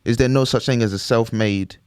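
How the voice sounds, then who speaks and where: A man's voice: mid-range voice, fairly even intonation, brisk, darkish tone, clear, resonant tone, dry recording, studio quality. A man co-hosting a podcast, talking in a loose, rambling way and often checking "do you know what I mean". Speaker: podcast co-host. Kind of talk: casual chat.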